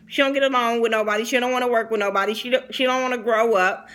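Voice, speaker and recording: A young woman talks straight to camera in a casual recap vlog. She is blunt, opinionated and profane. Her voice is bright and forward. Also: on the high side, fairly even intonation, fast talker, hardly any pauses. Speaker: TV reality show reviewer.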